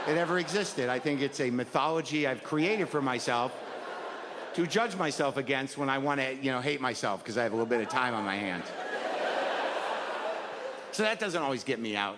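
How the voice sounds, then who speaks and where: Stand-up comic, man in his fifties, mid-pitched, self-deprecating patter, live in a reverberant venue with crowd sounds. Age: 50s. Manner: rambling, self-deprecating, acts out inner voices. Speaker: stand-up comedian. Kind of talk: stand-up routine. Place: comedy stage before a live audience. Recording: live stage mic in a large hall, audience noise.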